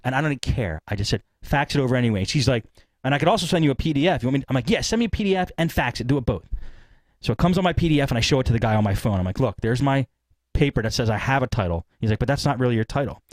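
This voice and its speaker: A man hosting a podcast, telling a long story in a rambling, animated way and acting out what people said. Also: medium pitch, rapid-fire, no room sound. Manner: rambling, animated retelling with acted-out quotes. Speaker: podcast host. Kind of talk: casual storytelling.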